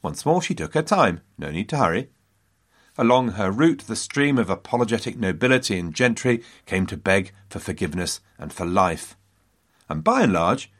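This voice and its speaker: A man's voice: fairly low pitch, fairly bright tone. A man hosting a history podcast, telling the story dramatically with wry asides to his listeners.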